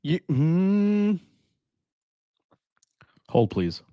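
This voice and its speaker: A man's voice: high voice, very animated, extremely slow, warm tone, smooth, no room sound. A man hosting a casual live stream, chatting loosely and laughing as he reads viewer comments aloud. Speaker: whiskey livestream host.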